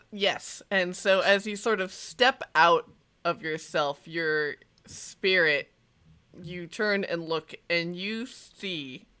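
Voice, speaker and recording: A game master narrates a tabletop scene slowly and deliberately, in a bright, sharp-edged voice at a middle pitch. The descriptions are loose and hedged with fillers. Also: clear, resonant tone. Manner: slow, scene-setting narration with hedging fillers.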